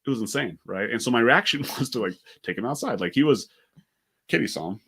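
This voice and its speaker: A man co-hosting a podcast and telling stories in a casual chat, talking quickly with many fillers. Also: medium pitch, husky. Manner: fast, animated, many "like" fillers. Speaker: podcast co-host.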